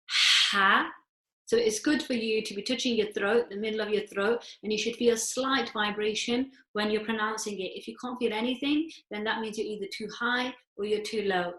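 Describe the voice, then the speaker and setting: A woman's voice: medium pitch, a bit bright. Woman, recitation teacher, patient step-by-step explaining, video call, roomy echo. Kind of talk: online class teaching.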